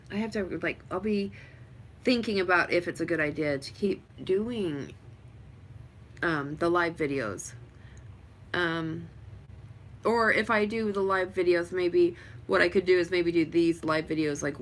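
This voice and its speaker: A woman's voice: fairly low pitch, slight background noise. A woman chatting casually on a home livestream, rambling with lots of fillers. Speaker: vlogger.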